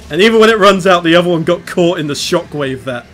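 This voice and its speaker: A man's voice: high-pitched, lively intonation, fast, fairly bright tone. A man hosting a let's play, rambling through casual gameplay commentary and laughing often as he explains. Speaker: let's play host playing the game.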